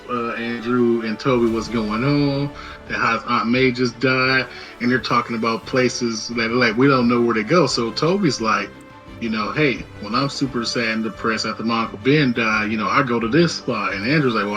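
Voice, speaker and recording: A man's voice: medium pitch, sharp tone, poor audio. A man casually recapping a movie scene with his co-host, loose and slangy, acting out the characters' lines. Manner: loose slangy storytelling, acts out quotes.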